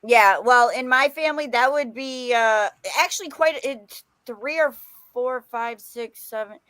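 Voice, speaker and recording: A woman from the American South co-hosting a casual podcast, loud and crude with frequent laughter. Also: a little high, a little slow, dry recording. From Southern United States. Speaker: co-host.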